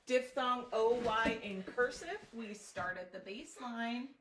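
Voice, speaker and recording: Slow, patient woman teaching phonics. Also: a little high, crowd noise. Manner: patient, clear instructional prompting. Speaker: reading teacher. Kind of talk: one-on-one phonics lesson. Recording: roomy, distant mic with faint noise.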